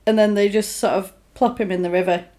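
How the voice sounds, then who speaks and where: A woman casually recapping a film with a friend, telling it vividly and acting out the characters with big jumps in her voice. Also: fast. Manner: animated storytelling, acts out characters with big pitch jumps, swears. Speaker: podcast co-host recapping a film. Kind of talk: casual chat.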